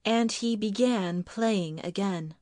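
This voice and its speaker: A woman giving a scripted narration of a literary ghost story, reading in a measured, deliberate and atmospheric way. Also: mid-range voice, darkish tone, no echo, studio quality.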